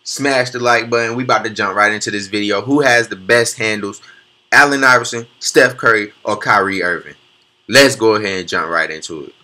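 A young man hosting a reaction video, excitable and slangy, talking back at the clips he watches. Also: lowish voice, a little fast. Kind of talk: hyped casual commentary.

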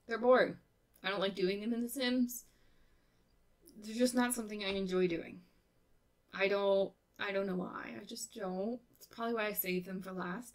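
A woman in her thirties, narrating her game build in a relaxed, rambling, chatty way, a little tired. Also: mid-range voice. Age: 30s. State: tired, winding down. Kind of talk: casual voice-over narration of a build.

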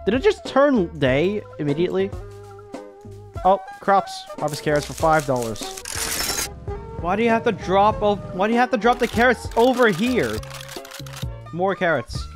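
A man narrating his own gameplay in a let's-play video, reacting with excitable exclamations and laughs. His voice sits a little on the higher side. Music plays clearly underneath him. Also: normal speed, pauses often. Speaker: gaming YouTuber.

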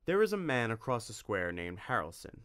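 A man narrating a storybook in an expressive reading voice. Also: fairly low pitch, a little fast, clean tone. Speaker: audiobook narrator.

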